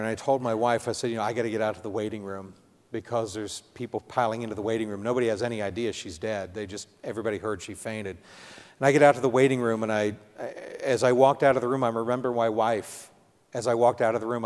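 A middle-aged man preaching a sermon testimony in an earnest, halting storytelling manner, speaking directly to his audience. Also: fairly low pitch, darkish tone. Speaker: preacher sharing a personal testimony. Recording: long hall reverb.

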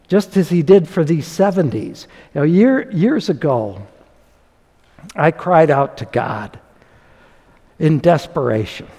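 Man, pastor, sermon, animated, lively pitch, long hall reverb. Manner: animated, dramatic scripture reading, chuckles often.

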